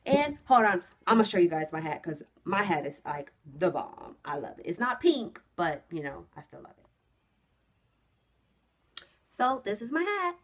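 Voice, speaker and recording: A young woman vlogging to camera, telling a story in a casual, animated way that jumps into loud, high re-enactments and drops to hushed asides. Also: normal speed, hardly any pauses. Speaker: trucking vlogger.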